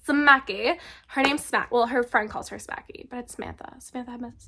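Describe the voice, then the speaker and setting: A young woman chatting casually and excitedly about books she loves, with lots of filler words. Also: a little high, normal speed. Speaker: book reviewer. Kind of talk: casual book recommendation vlog.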